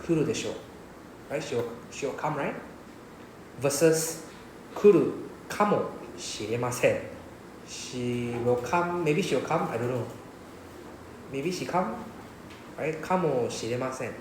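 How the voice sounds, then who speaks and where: A man's voice: mid-range voice, animated, a little slow, pauses often, roomy sound, slight background noise, poor audio. A man with a Singaporean English accent teaching a Japanese class, often checking with "right?". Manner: repeats "right?" to check understanding. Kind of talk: classroom lesson explanation.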